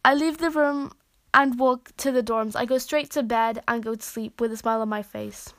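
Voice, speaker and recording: A woman's voice: on the high side, moderate pace, fairly bright tone, no echo. A young woman reading fan stories aloud with giggly, casual asides. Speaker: fanfiction reader.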